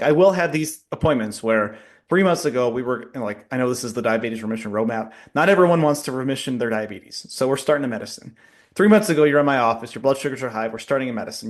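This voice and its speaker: Animated joking man on a podcast. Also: mid-range voice. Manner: animated, jokey, quick to laugh. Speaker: pharmacist and podcast co-host. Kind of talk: casual podcast chat.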